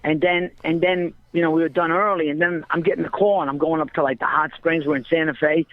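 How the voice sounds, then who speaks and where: A high-voiced man phones in, his excitable, profane chatter arriving through a dull, muffled phone line. He keeps tacking "man" onto his lines and jumps from story to story. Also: quick pace. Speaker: guest calling in. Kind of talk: casual chat.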